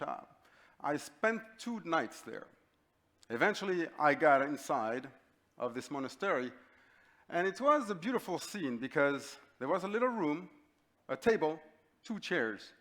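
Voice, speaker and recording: Middle-aged guy from north africa, keynote talk, animated and chatty, lots of ums, slightly high voice. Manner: animated, conversational, with frequent fillers. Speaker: keynote speaker. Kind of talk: personal storytelling talk.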